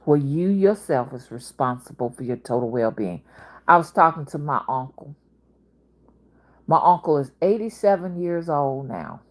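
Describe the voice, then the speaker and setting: A woman's voice: deep voice, lively intonation, moderate pace. A woman in her fifties with a Southern accent, talking in a casual, rambling monologue that jumps between topics. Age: 50s. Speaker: spiritual reader and channel host.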